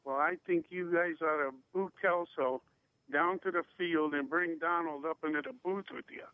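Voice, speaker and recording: A man's voice: fairly high pitch, fairly even intonation, moderate pace. Joking man caller on a phone line. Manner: joking, chatty. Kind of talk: call-in radio chat.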